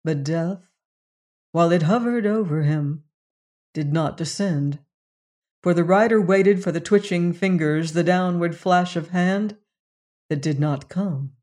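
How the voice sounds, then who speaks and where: Slow, deliberate western story narrator. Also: mid-range voice, a little mellow. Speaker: audiobook narrator and show host. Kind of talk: reading a western novel aloud.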